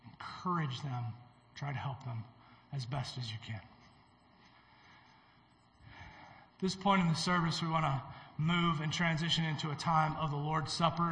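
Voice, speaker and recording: An earnest male pastor exhorts his congregation, often restarting his phrases. His voice is bright and forceful and sits a little high for a man. A long reverb fills the church sanctuary around him. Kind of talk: sermon and communion service.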